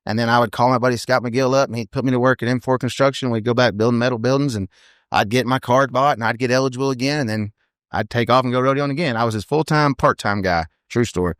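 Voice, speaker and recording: A man, a podcast guest telling blunt, rapid stories in casual chat. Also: medium pitch, steady tone, smooth, dry recording, studio quality. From United States. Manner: blunt, fast storytelling with many "you know what I mean"s. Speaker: podcast guest, team roper.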